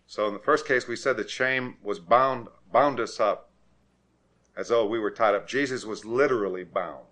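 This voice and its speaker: A man's voice: lowish voice, moderate pace. Emphatic male preacher. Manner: emphatic, rises to forceful repetition. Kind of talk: sermon.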